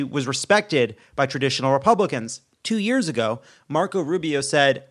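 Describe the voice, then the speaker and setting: A man's voice: medium pitch, a bit bright. A man co-hosting a comedy news chat, delivering jokes in a dry, joking way. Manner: dry jokey delivery, mock impressions. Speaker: co-host. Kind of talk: scripted comedic news banter.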